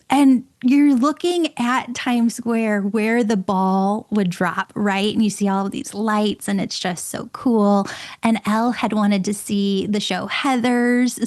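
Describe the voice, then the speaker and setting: Host: middle-aged woman, mid pitch, emphatic and excitable storyteller. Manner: emphatic, excitable, repeats words. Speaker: podcast host and medium. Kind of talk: personal storytelling monologue.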